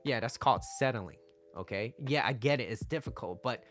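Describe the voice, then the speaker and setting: Brief: male dating-advice host, mid-pitched, blunt and emphatic, faint music underneath. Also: normal speed, fairly bright tone. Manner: blunt, emphatic, tags lines with "right?" and "okay?". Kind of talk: direct-to-camera advice monologue.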